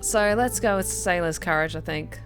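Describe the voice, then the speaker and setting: An Australian woman streaming a game, giving casual commentary in an excitable, chatty way and swearing freely. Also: on the low side, moderate pace, music in the background.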